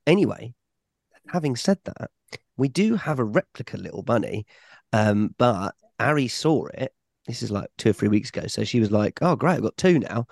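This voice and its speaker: A podcast co-host with an animated, gravelly voice of medium pitch tells stories at normal speed, acting out the voices, in a casual chat. The recording is dry and clean, with studio sound.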